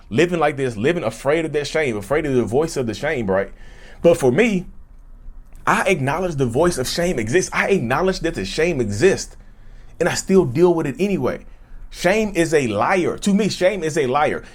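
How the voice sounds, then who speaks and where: A man giving an unscripted personal monologue, earnest and emphatic, often repeating and restarting phrases. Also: fairly high pitch. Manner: speaks frankly and bluntly. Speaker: YouTuber discussing his own narcissism.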